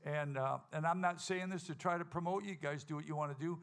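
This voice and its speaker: A man hosting a live country music show, telling a folksy, animated story to the audience and acting out the quotes. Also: on the high side, fast talker. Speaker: stage host and singer at a country music show. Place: live music venue stage.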